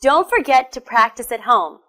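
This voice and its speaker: An American woman teaching English pronunciation, enunciating words slowly and carefully and encouraging learners with questions. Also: on the high side, big pitch swings, bright, forceful tone. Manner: slow, careful enunciation with repetition. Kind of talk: pronunciation lesson.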